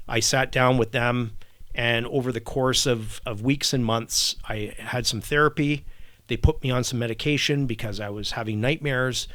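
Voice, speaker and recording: A middle-aged man speaks as a podcast guest, recounting his own story slowly and reflectively. He often stumbles, restarts, and repeats words. His voice sits at an ordinary pitch for a man, and the recording is close and dry with no room sound. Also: fairly even intonation, fairly bright tone, dry recording. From Canada. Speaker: guest, retired army warrant officer. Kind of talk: personal storytelling in a podcast interview.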